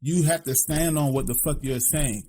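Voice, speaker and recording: Speaking at a moderate pace in a slightly high, dark-toned voice, this Philly-accented co-host keeps the talk blunt, casual, and profane. He repeats "you know what I'm saying" over and over, with a little hiss or hum in the background.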